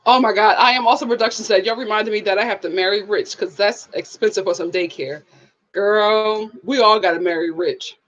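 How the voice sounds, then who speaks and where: A woman's voice: mid-range voice, fairly quick, highs cut off. A woman hosting a live review stream, chatting casually, laughing often and reading out viewer comments. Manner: animated, laughs often, reads chat comments aloud. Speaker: live show host.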